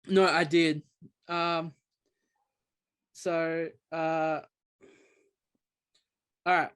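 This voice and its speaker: Podcast co-host, man, slightly higher pitch, chatty rambling storyteller. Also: flat delivery, extremely slow, a bit bright, clear, resonant tone. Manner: rambling storyteller, many restarts. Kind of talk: casual chat.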